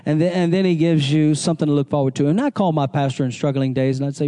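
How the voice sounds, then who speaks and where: A man preaching a sermon in a church service. He calls out to the congregation, mixes in jokey asides and builds up to shouting. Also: a little high, fast talker, hardly any pauses. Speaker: pastor.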